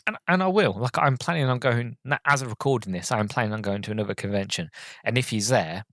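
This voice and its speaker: A man's voice: medium pitch, quick pace, a bit bright. A man hosting a podcast, telling a story in a rambling, hesitant way with many ums and restarts, earnest and openly emotional as a fan. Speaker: podcast host. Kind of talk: casual storytelling review.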